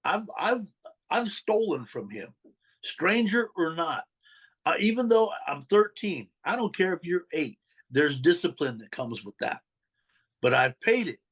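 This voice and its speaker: A man's voice: a little high, unhurried, husky. A man as an interview guest, telling his past as a story and acting out the dialogue. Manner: animated, acts out quoted dialogue. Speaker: interview guest, former mob associate.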